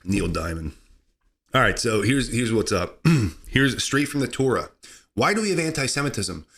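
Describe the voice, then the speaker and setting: A man hosting a comedy podcast, talking sarcastically and excitably, laughing at his own jokes. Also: mid-range voice, normal speed. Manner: sarcastic, excitable, mock-outraged asides. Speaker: podcast host.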